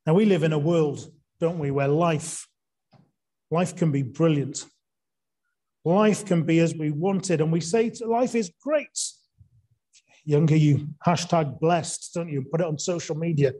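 A man's voice: fairly high pitch, steady tone, unhurried, dark tone. A man preaching an evening sermon, earnest, asking rhetorical questions and leaning hard on key words.

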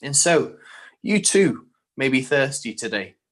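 A man's voice: medium pitch, sing-song, measured pace. Earnest male preacher asking questions. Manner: earnest, rhetorical questions to listeners. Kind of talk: sermon.

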